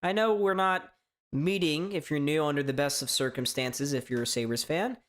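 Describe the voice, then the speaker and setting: A man from hosting a live sports reaction stream, chatting casually in a strained, hoarse voice, rambling and stammering through restarts. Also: on the high side, moderate pace, a bit bright. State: voice straining from shouting. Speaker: sports fan livestream host.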